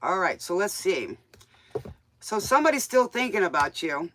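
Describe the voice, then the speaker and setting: A woman's voice: mid-range voice, sing-song, moderate pace, fairly bright tone, a little hiss or hum. A woman with a smoky voice, chatting in a folksy, rambling way as she reads tarot cards for viewers on her show. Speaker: tarot reader and DJ host. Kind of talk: casual live tarot reading chat.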